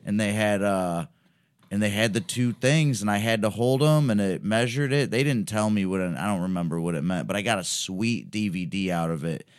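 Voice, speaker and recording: A man's voice: on the low side, moderate pace, clean tone. A man co-hosting a podcast in a recording studio, chatting casually and acting out the voices he quotes. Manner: animated, acts out quoted voices. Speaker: podcast co-host. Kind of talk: casual chat.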